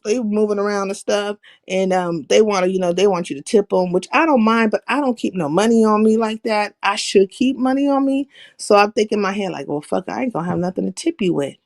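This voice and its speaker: A woman hosting a livestream, telling profane stories in a brash, animated, slangy way. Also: medium pitch, dry recording. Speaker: livestream host. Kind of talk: casual profane storytelling chat.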